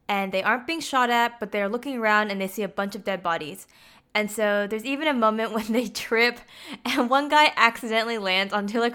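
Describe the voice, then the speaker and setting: A woman's voice: medium pitch, fairly bright tone, clean tone. A woman casually retelling a film's plot, chatty and full of "like" fillers. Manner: chatty, heavy use of "like" fillers. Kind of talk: casual film plot recap.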